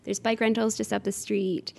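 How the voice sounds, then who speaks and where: A mid-range female voice with little pitch movement, a moderate pace and some vocal fry. The speaker, a middle-aged Newfoundland woman who runs cooking classes, answers interview questions conversationally, sounding warm and enthusiastic, and chatters along with lots of "uh"s.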